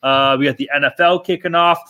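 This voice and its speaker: Bright, profane young man hosting a podcast. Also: fairly high pitch, fairly even intonation, fairly quick. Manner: loose, profane, joking banter. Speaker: podcast host. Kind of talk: casual podcast chat.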